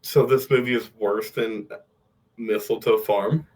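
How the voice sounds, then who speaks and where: A man's voice: on the low side, fairly even intonation, measured pace, darkish tone, poor audio. A man co-hosting a casual movie podcast, joking and teasing, with some profanity. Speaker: podcast co-host.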